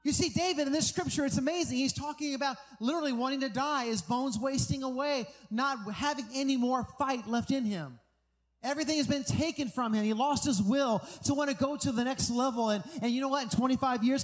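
A man's voice: very high-pitched, a little fast, big-room sound. A middle-aged American pastor preaching an earnest, conversational sermon, often restarting his sentences.

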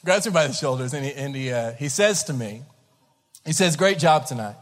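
A man in his thirties preaching a sermon, telling a story with lively acted-out voices and laughter. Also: mid-range voice, fairly quick. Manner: animated storyteller, acts out voices, laughs along. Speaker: pastor. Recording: large hall with long reverb.

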